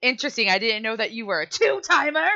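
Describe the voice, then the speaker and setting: Lady doing a cheeky lil floating critter, teasy and bright, kinda dull mic. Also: a little high, sing-song, fast, voice pushed up, exaggerated voice. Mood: teasing. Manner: teasing, mock-offended. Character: cheeky little floating creature with a tail.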